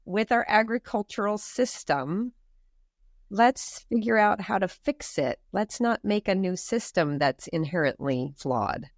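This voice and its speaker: Animated emphatic woman, podcast guest. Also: medium pitch, no echo, clean studio sound. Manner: animated, emphatic, rhetorical questions. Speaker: farm movement founder, guest. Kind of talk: podcast interview.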